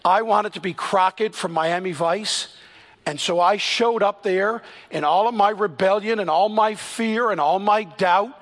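A pastor in his fifties preaching a sermon in church, telling stories earnestly and shifting between quick and slow, emphatic delivery. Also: high voice, a bit bright.

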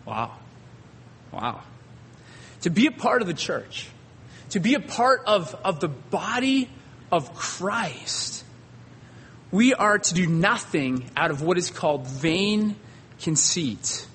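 A male pastor preaching a sermon, telling stories with dramatic pauses and drawn-out emphasis. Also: sits high, big pitch swings, fairly bright tone, big-room sound, slight background noise.

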